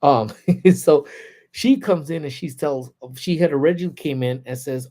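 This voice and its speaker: A man hosting a casual livestream, telling stories in an animated, laid-back way with lots of slang, from a parked car. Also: on the high side, normal speed. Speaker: livestream host. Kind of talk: casual storytelling.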